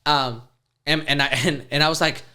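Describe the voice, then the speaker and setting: A man's voice: a little high, steady tone, moderate pace, sharp tone, clear, resonant tone. A man in his thirties, a podcast host telling a story in a casual, profane way and laughing often. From Houston, Texas.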